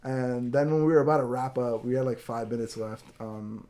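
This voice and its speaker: A man's voice: medium pitch, level tone, brisk, mellow. A young man hosting a podcast, rambling through an anecdote in casual chat and acting out the people he quotes, with some swearing. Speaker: podcast host.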